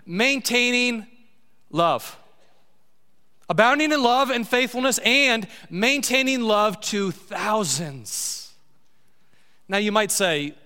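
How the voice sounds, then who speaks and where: A man preaching a sermon as pastor, slowing down to stress key words. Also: high voice, bright, forceful tone, big-room sound. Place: church sanctuary.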